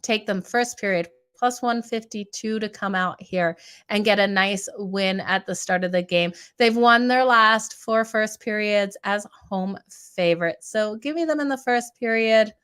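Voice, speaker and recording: A woman runs through her sports betting picks in a casual, chatty way, often calling her viewers "you guys". Her voice sounds raspy and strained today. Underneath the strain it has a smooth, resonant tone at a middle pitch. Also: measured pace, a bit bright. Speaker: sports betting podcast host.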